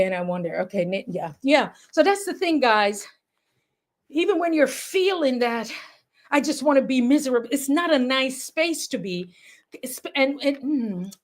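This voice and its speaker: High-voiced Jamaican woman chatting on a livestream. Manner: chatty, reads viewer comments aloud, laughs often. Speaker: livestream host. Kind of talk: casual livestream chat. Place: home in New York.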